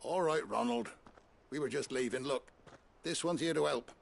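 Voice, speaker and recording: A gravelly, calm ally. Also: male voice, mid-range voice, normal speed. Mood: soothing urging. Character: calm, soothing male ally.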